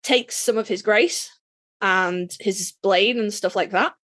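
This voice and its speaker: A woman's voice: medium pitch, takes it slowly, a bit bright. A woman co-hosting a podcast in casual chat, playfully opinionated and swearing freely. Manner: chatty, profane, playfully opinionated. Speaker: podcast co-host.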